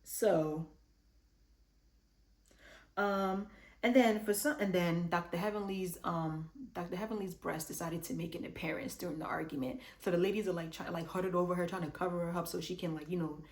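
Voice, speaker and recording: A woman casually recapping a reality show episode, chatty and animated, acting out what the cast said. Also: on the low side, moderate pace. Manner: chatty and animated, acts out quotes. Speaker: reality TV reviewer.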